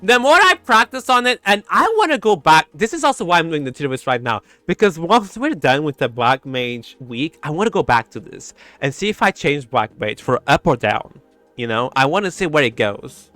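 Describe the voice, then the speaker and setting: A man streaming in a casual chat, animated and giggly, breaking into sound effects. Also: on the high side, normal speed, no room sound, faint music behind.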